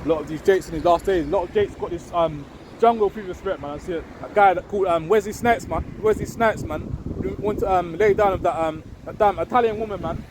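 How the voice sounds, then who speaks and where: A man giving an informal, rambling religious talk. He tags nearly every phrase with "man" or "innit" and reads scripture slowly and loudly. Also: high-pitched. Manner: reads scripture slow and loud. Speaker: street preacher. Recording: windy outdoor recording with wind noise on the mic.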